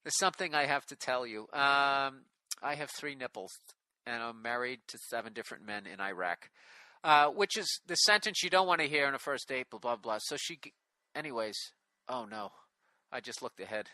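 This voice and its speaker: A man's voice: medium pitch, expressive, normal speed, bright, forceful tone, no echo. A middle-aged man hosting a casual comedy podcast, reading a listener email aloud with sarcastic, profane commentary.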